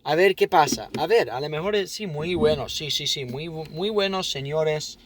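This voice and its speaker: A man's voice: a little high, expressive, fairly quick, lightly acted. A man voicing a hammy male food critic who mixes Spanish and English, in a theatrical drawl. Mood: mock-serious.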